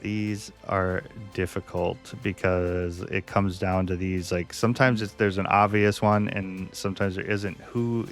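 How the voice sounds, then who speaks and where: Low-voiced man chatting casually. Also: flat delivery, a little slow, hardly any pauses, soft background music. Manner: thinks aloud, hesitant, chatty. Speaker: video host. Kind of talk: casual chat.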